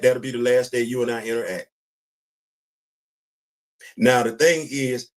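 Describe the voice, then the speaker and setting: A man hosting a casual commentary show, talking bluntly and emphatically, repeating his points. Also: mid-range voice. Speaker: podcast host.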